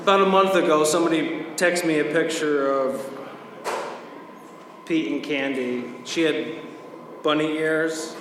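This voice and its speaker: A man's voice: a little high, fairly even intonation, a little slow, long pauses. A man roasting a friend at a birthday party, teasing crudely and laughing at his own jokes. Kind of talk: stand-up roast. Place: large echoing hall at a live party. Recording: echoey hall recording with background noise.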